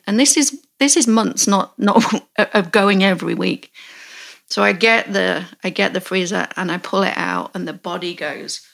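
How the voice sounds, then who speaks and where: A woman in her forties hosting a podcast, telling a story in a candid, halting way and often restarting her sentences. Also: fairly low pitch, gravelly, fairly bright tone. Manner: candid, halting, self-correcting. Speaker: podcast host. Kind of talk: storytelling in casual chat.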